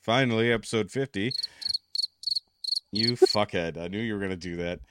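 A man's voice: lowish voice, moderate pace, very noisy. A man hosting a casual podcast chat, loose and profane, often laughing at his cohosts. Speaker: podcast host.

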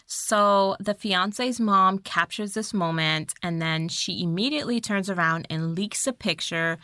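Woman co-host, casual movie-recap chat, bright tone, dry close sound, loose and profane. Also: medium pitch, measured pace, dry recording. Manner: chatty, swearing, filler-heavy. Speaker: podcast co-host.

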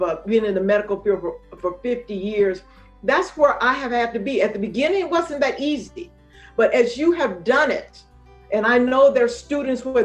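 An older woman, a retired nurse anesthetist, giving a podcast interview in an earnest, calm way and repeating her points for emphasis. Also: on the high side.

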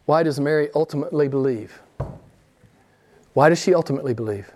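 A man's voice: fairly high pitch, animated, a little fast, pauses often, darkish tone. A man preaching a sermon to a small group, emphatic, repeating his key phrases and asking rhetorical questions. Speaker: pastor.

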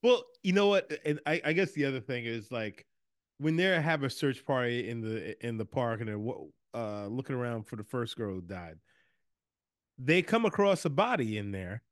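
A man's voice: medium pitch, lively intonation, normal speed, dry recording, clean studio sound. A man co-hosting a casual movie podcast, rambling and restarting his sentences, speeding up when he gets worked up. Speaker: podcast co-host. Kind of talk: casual chat.

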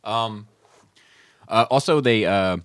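A man co-hosts a casual comics podcast in a somewhat low voice. He rambles, swears and laughs easily, recorded dry and close. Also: slow pace, clear, resonant tone, no room sound. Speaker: podcast co-host. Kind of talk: casual chat about comics and films.

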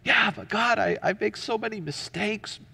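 A man's voice: moderate pace, gravelly, bright, forceful tone, breathy edge, exaggerated voice. A man preaching, playing an anxious, self-doubting believer who pleads and stammers in a raised voice. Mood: pleading. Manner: pleading, stammering, higher-pitched.

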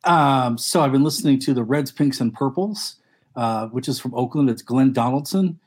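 A man's voice: medium pitch, moderate pace, darkish tone, husky. A man who is a DJ and journalist, chatting casually about records with lots of ums. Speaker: DJ and journalist, podcast co-host. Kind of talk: casual chat.

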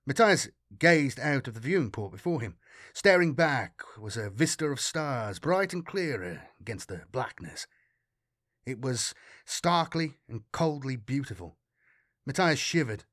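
A man narrates a science fiction audiobook in a measured, dramatic way. His voice sits in an average pitch and is recorded dry and close, with no room sound. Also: big pitch swings, fairly bright tone, no room sound.

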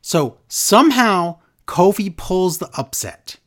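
A woman co-hosting a casual wrestling recap podcast, animated and incredulous. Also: on the low side. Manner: animated, incredulous, does quick impressions. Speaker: podcast co-host.

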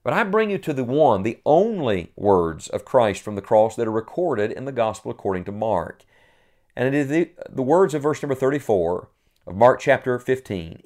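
Guy preaching a sermon, earnest, mid pitch, gets loud on the quotes. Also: big pitch swings, moderate pace. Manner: earnest preaching, rises to loud cries when quoting.

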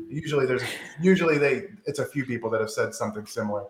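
A man's voice: medium pitch, fast talker, hardly any pauses, a little hiss or hum. A man who is a doctor, a podcast guest chatting casually in a laid-back, self-deprecating way and laughing easily. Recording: roomy echo.

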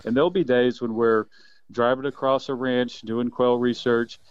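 A man in his fifties, a quail biologist, telling animated stories in a casual interview with plenty of laughs. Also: mid-range voice, normal speed, clean tone, no echo, highs cut off. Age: 50s. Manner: enthusiastic, animated storyteller who laughs often.

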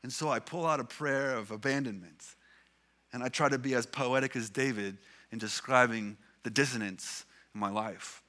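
Earnest guy preaching, bright tense voice, slows way down for scripture. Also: mid-range voice. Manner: earnest, building emphasis with repeated phrases. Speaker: pastor. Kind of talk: sermon.

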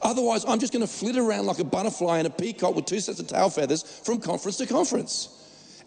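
A man preaches from the pulpit with a high, gravelly voice. He is emphatic and jokey and restarts his words often. His voice carries a long reverb from a church hall. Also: expressive, quick pace, darkish tone. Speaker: pastor. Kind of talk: sermon.

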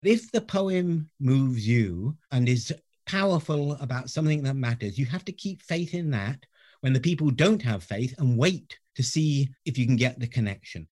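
Man, professor, reflective storytelling, animated pitch, softens on key words. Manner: earnest, varies loudness, drops to soft near-whisper on key words. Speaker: professor, guest.

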